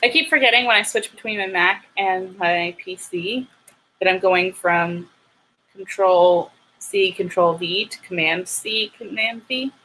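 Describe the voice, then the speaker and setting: A young woman hosting a writing livestream, chatting casually with viewers and getting animated and ranty. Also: mid-range voice, a little slow, a little hiss or hum, poor audio. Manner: animated, ranting. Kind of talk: casual chat with live viewers.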